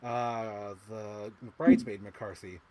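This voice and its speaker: A woman's voice: a bass voice, steady tone, takes it slowly, warm tone. A woman co-hosting a casual movie podcast, talking animatedly and acting out scenes in quoted voices. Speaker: podcast co-host. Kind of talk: casual chat.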